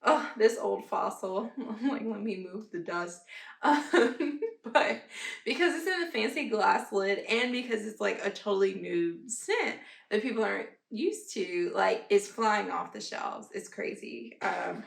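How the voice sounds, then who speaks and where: A woman, chatting casually as a vlogger, animated and laughing often. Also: mid-range voice, a little slow, vocal fry. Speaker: candle haul vlogger. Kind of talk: casual chat. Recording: echoey room with faint noise.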